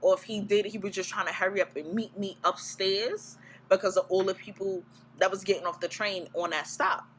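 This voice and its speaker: A woman's voice: medium pitch, fairly quick, a little hiss or hum, low-quality recording. A woman vlogger casually telling a story to camera, blunt and profane, acting out her reactions. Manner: blunt, profane, animated retelling.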